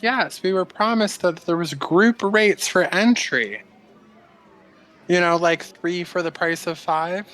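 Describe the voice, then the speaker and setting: A man playing in a tabletop game, bluffing his way through in a glib, deadpan manner. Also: sits high, slow, rough recording. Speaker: player. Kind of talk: in-character tabletop play.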